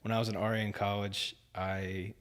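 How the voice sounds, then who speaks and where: A man's voice: fairly low pitch, flat delivery, normal speed, a bit bright. A young man, a podcast guest, telling a story in a casual, rambling way, full of "like" and "dude". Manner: rambling, filler-heavy, says "like" and "dude" often.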